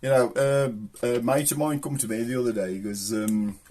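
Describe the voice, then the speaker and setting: A man's voice: mid-range voice, fairly even intonation, normal speed, dark tone, slight background noise. A man hosting a comedy show in a jokey, rambling way. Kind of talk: casual comic monologue.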